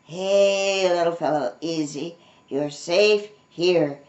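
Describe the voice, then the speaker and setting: An older woman voicing a gentle male wildlife keeper in a storybook, soothing and kind, her voice pitched down. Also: normal speed, highs cut off, lightly acted. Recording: roomy echo.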